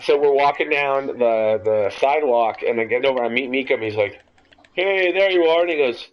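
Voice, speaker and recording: A young man tells a rambling story at a casual, loose pace, animated and swearing freely. His voice sits at an ordinary middle pitch. The audio is a bit dull and lo-fi. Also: a little fast. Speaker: podcast host.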